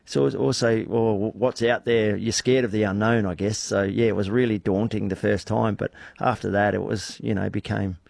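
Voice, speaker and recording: A man in his fifties, a little hoarse, chatting in a laid-back, self-deprecating way as a radio guest. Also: lowish voice, steady tone, moderate pace, few pauses, darkish tone, dry recording. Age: 50s. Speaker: guest rider. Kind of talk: casual radio chat.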